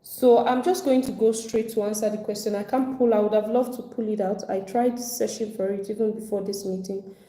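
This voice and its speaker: A woman's voice: medium pitch, steady tone, fairly quick, dark tone. A woman teaching a live online personal finance class, speaking conversationally and acting out other people's complaints. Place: home at evening, video call. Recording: echoey room.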